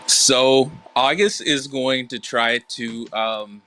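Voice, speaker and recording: Bright-voiced man planning his move. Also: medium pitch, slow pace. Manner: hesitant, with many fillers while planning. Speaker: player. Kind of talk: casual tabletop game play.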